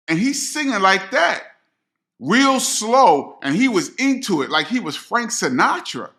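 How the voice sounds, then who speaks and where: A middle-aged man, a DJ telling a personal story straight to his viewers in a slangy, animated way. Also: sits high, a little slow. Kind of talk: storytelling to camera.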